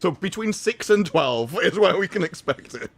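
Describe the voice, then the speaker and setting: A man's voice: sits high, expressive, moderate pace. A man chatting on a livestream, dry and sarcastic, often quoting people in mock voices. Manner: wry, sarcastic, quotes people in jokey voices. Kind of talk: casual chat.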